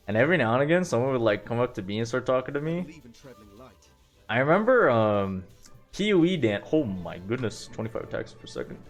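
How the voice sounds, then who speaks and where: A young man streaming, rambling casually through stories with lots of fillers and self-deprecating asides. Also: medium pitch. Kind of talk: casual storytelling on a live stream.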